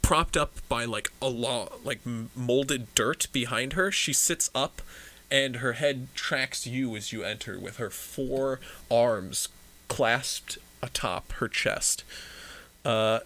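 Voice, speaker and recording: A man's voice: medium pitch, slow, sharp tone. A man narrating as game master in a tabletop game, describing the scene with frequent fillers and restarts.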